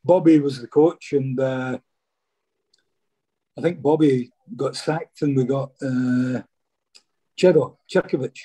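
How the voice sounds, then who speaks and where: A man's voice: mid-range voice, steady tone, takes it slowly, pauses often, dark tone, slightly rough. A Scottish man, a former footballer, telling stories casually in an interview and often saying "mate". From Scotland. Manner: chatty, says "mate" a lot.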